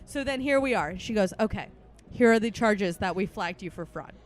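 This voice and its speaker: With slight background noise, a twenty-something woman speaks at a normal speed in a mid-range voice on her casual podcast. She swears a lot and acts out other people's words while telling an animated story.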